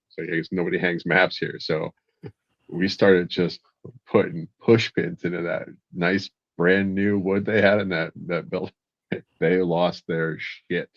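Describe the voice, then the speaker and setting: Man, very low voice, matter-of-fact, dull lo-fi sound, dry room. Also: gravelly, no room sound. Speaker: military veteran guest. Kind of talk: casual storytelling chat.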